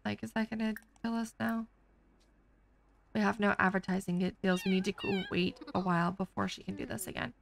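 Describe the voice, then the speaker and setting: A woman's voice: medium pitch, steady tone, brisk, vocal fry, slight background noise. A woman hosting a casual let's play, chatty, jokey and exclamatory as she comments on her game. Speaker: gaming channel host.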